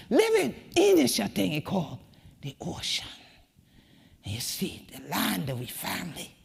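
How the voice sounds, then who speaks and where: A woman with a Gullah Geechee accent delivers a rhythmic, chanting keynote with a husky, gravelly voice. Her pitch swings widely as she moves from hushed whispers to shouts. The sound carries a long reverb, as if in a large hall. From Sea Islands of the American Southeast. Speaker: community leader and keynote speaker. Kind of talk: spoken-word keynote performance.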